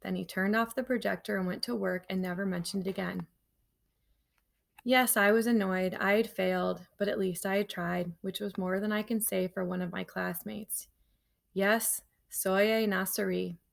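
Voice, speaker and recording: With a medium-pitched voice, normal speed, and noticeable vocal fry, a woman teacher reads a children's novel aloud. Her storytelling is lively, and she pauses for relaxed asides to the class.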